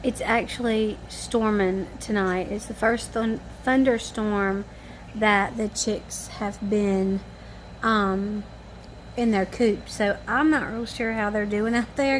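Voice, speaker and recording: A family vlogger chats to camera at home in the evening, tired and yawning as she rambles in a homespun way. Her medium-pitched voice is steady and slow, with slight background noise.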